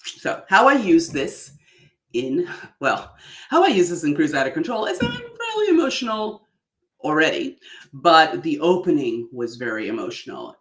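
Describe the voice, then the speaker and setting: A woman coaching on public speaking in an animated, exaggerated way that is broken up by frequent laughs. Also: sits low, moderate pace, echoey room. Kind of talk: online workshop talk.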